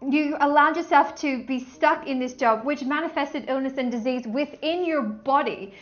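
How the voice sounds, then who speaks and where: A woman giving a casual tarot reading, gushing and excitable, often breaking into bits of song. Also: high voice, moderate pace, dull audio, faint music behind. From Australia. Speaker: tarot reader.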